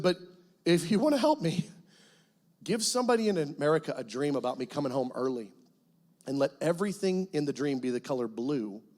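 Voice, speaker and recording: A middle-aged guest pastor telling a personal testimony in a church, animated storytelling that breaks into loud cries as he acts out prayers. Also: fairly high pitch. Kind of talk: sermon testimony. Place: church sanctuary.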